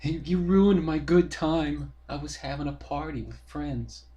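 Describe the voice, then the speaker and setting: A man's voice: fairly high pitch, measured pace, warm tone, lo-fi sound, pitched above the performer's own voice, natural voice. A man putting on the voice of a whiny young neighbor who complains that his party was ruined, in an indignant, complaining tone. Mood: indignant whine.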